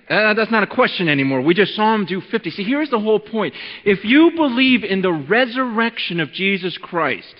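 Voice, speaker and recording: A man preaching a sermon as pastor, talking in a relaxed, conversational way and working a demonstration with a volunteer. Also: high-pitched. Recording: dull lo-fi recording in a reverberant hall.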